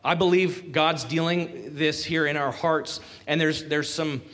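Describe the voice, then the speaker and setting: A man's voice: on the high side, steady tone, a little slow, a bit bright. Chatty man preaching in a reverberant hall. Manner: conversational, asks the congregation questions, acts out quotes. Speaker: pastor. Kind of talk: sermon.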